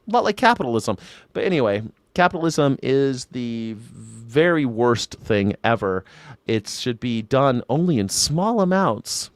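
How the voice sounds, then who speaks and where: A man's voice: mid-range voice, dry recording. A man hosting a livestream, reacting with profane, sarcastic rants. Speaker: livestream host. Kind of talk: casual livestream commentary.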